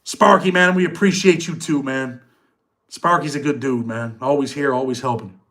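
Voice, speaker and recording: A middle-aged man hosts a casual live chat on his channel, speaking loose street slang and answering viewers' comments. His voice is medium-pitched and a bit bright, at normal speed.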